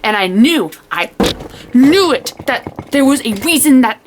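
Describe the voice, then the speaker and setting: A young woman talks through a book she loved in a loose, casual vlog, her voice sitting a little high. She rambles and restarts, says "like" constantly, and acts out her own reactions as quoted asides. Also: measured pace, background noise. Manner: excitable, rambling, full of "like". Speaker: book reviewer.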